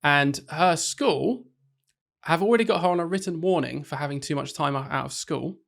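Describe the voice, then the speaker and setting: A man's voice: fairly high pitch, moderate pace, gravelly, fairly bright tone. A young man hosting a casual podcast, joking and teasing his co-host.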